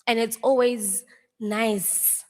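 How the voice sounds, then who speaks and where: A woman's voice: fairly high pitch, fairly even intonation, very slow, darkish tone. A young South African woman, an actress, telling personal stories as she pays tribute at a memorial service. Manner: anecdotal storytelling, often laughing. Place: large theatre stage. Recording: long reverb of a theatre hall.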